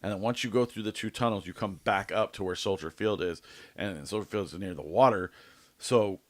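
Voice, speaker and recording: A man's voice: low voice, fairly quick, dry recording. A young man telling a long, rambling story in casual podcast chat, swearing freely and filling gaps with "like" and "dude". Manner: rambling, profane storytelling with loose fillers. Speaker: podcast co-host.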